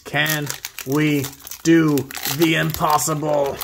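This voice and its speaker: A man hosting a video where he opens trading card packs, reading off each card and breaking into excited high exclamations at the good ones. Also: a little slow, a little hiss or hum. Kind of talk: casual pack-opening commentary.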